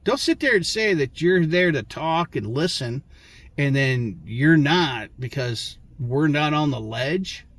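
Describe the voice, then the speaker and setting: A man's voice: fairly high pitch, expressive, slow, fairly bright tone. A man telling his own story to his viewers, talking casually and frankly, with lots of swearing, restarts and short laughs. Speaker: vlogger.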